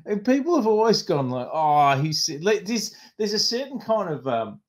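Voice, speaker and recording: A man co-hosting a casual podcast, telling stories in an animated way and laughing often. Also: high-pitched, moderate pace. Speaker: podcast co-host. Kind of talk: casual chat.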